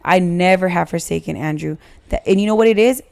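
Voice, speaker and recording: A woman in her forties with a fairly low voice and plenty of gravelly fry, talking as a guest on a podcast. She tells her story bluntly and emotionally, swearing often. It is casual and unfiltered. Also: fairly quick, darkish tone, no echo. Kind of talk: candid casual chat.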